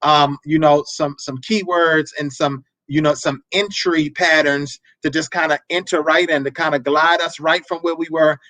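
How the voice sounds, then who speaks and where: A man hosting a marriage advice show, talking in a preacherly way, repeating words and breaking into animated asides. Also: a little high, normal speed, few pauses, no echo, rough recording. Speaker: marriage talk show host.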